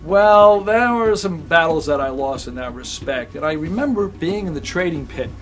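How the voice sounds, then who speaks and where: An older man tells stories in an animated monologue, as an actor would on a slate reel. His voice sits fairly high and grows soft and reflective in the quieter stretches. Music plays clearly behind him. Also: normal speed. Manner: animated storyteller who acts out scenes, turning quiet and reflective. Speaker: actor and acting teacher.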